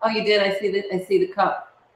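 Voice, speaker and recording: A woman's voice: mid-range voice, little pitch movement, fast talker, slight background noise. Thoughtful woman in an echoey room. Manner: thoughtful, hesitant with ums. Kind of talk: casual chat.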